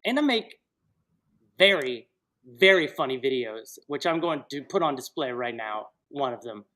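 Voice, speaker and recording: A man's voice: medium pitch, sing-song, moderate pace, bright, forceful tone. A man hosts a loose live-stream chat. He rambles, jokes and breaks into laughter often. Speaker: host.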